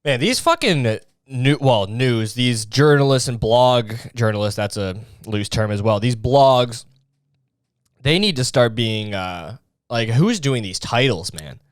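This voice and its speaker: A man's voice: mid-range voice, lively intonation, unhurried, no echo, studio quality. A young man hosting a comedy podcast, rambling and swearing with lots of filler words. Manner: rambling, profane, full of fillers. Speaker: podcast host.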